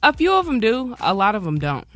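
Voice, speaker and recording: A woman's voice: mid-range voice, brisk, dry recording. Young woman in her 20s on the radio, chill and blunt, lots of like, voice moves around a lot, faint music behind. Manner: relaxed, frank, says like a lot. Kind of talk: casual radio chat.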